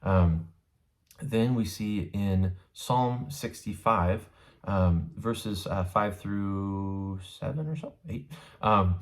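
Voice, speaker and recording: A man's voice: low-pitched, very slow. A man giving a casual, conversational Bible study lesson, often checking in with his listeners as he explains a passage. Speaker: Bible teacher.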